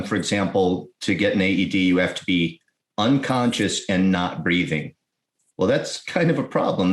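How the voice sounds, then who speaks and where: A man, an emergency-services chief, explaining things as a guest in a podcast interview, speaking in quick bursts with restarts. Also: deep voice. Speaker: guest, EMS fire chief. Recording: roomy echo.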